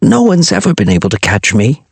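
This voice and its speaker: A man's voice: fairly low pitch, wildly swooping pitch, a little fast, gravelly, husky, no room sound, full character voice. A man voicing a roguish older pirate who talks breezily and teasingly. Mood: breezy. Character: roguish, swaggering older male pirate charmer.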